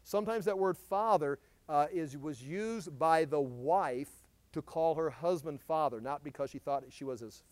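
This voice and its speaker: Animated man preaching, slightly high voice. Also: no echo. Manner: animated, emphatic, voice swells when stressing a point. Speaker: pastor. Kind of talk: expository sermon.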